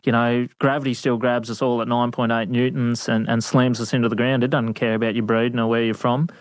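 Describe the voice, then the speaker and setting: A man's voice: mid-range voice, brisk, no room sound. Casual man telling stories. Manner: laughing, animated, casual with fillers. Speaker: guest, veterinarian. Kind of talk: storytelling interview. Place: studio.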